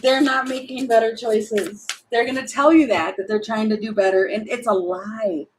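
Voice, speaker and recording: A woman's voice: on the high side, fairly even intonation, moderate pace, slight background noise, rough recording. A woman doing a casual tarot reading to camera at home, chatty and laughing, talking to herself between cards. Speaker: tarot reader.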